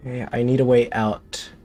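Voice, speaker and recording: A man's voice: medium pitch, mellow. A man streaming a horror game, talking to himself in jumpy, joking commentary. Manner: jumpy, talks to himself, jokey. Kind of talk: let's play commentary.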